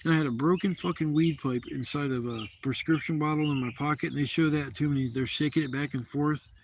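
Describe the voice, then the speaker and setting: A man's voice: a little high, fairly even intonation, brisk, slight background noise. A man hosting a casual livestream from a campsite, telling a long rambling story with plenty of swearing. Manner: rambling, profane, loose storytelling. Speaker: livestream host. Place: outdoor campsite.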